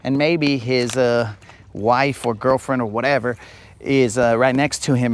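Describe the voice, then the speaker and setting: A man's voice: mid-range voice, steady tone, normal speed. A man hosting a live fishing stream from a boat outdoors, chatting to viewers in a casual, joking, slangy way. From United States. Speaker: fishing livestream host.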